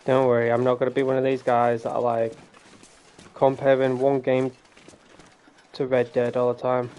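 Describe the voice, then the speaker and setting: A man's voice: medium pitch, completely flat delivery, normal speed, a little mellow, clear, resonant tone. A man hosting casual gameplay commentary, rambling and ranting and swearing freely. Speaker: gaming channel host.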